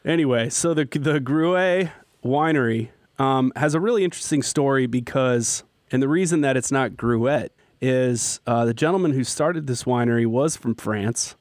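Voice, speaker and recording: A man's voice: mid-range voice, moderate pace, hardly any pauses, no echo, clean studio sound. A man hosting a casual talk show, enthusiastic and jokey as he leads the segments. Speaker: host. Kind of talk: casual chat.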